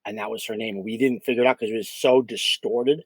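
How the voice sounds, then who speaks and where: This man's middle-pitched voice has a breathy edge as he casually relates a paranormal case he investigated, speaking as an interview guest. He animates the story with acted-out quotes and plenty of "um." The recording is close, dry, and rough.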